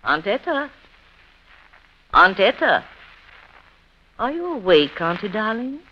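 An actress playing a bitter, sharp-tongued woman who mocks her family in an old radio drama. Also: mid-range voice, sing-song, slow. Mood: coaxing. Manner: scornful and biting, sugary when coaxing. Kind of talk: 1930s radio drama acting. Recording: dull old radio recording with faint hiss.

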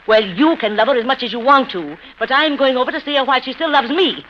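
An actress playing a bitter, sharp-tongued woman who mocks her family in an old radio drama. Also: high-pitched, fast, natural voice. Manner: scornful and biting, sugary when coaxing. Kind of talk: 1930s radio drama acting. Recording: dull old radio recording with faint hiss.

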